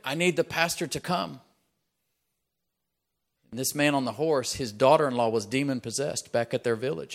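A man preaching a sermon, telling stories and acting out his characters in a raised voice, building to loud, emphatic peaks. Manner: acts out quoted characters in a higher voice. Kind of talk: sermon with storytelling.

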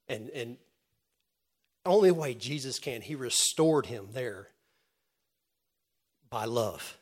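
A man preaching a sermon in an earnest way, with many restarts, moving from loud calls to the congregation to quiet retelling. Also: medium pitch, measured pace, pauses often. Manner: earnest, swings from loud calls to soft storytelling; stammering restarts.

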